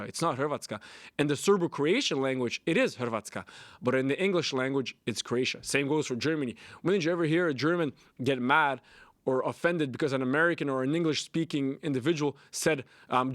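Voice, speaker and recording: A man's voice: on the high side, fairly bright tone, no room sound, studio quality. A young man hosting a solo podcast, ranting bluntly with lots of swearing and repetition. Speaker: podcast host. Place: Canada.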